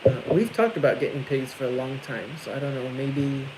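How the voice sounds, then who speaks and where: A man's voice: mid-range voice, a little fast, background noise. A young man with a Midwestern American accent, co-hosting a farm livestream in casual, rambling chat. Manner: rambling, lots of likes and restarts.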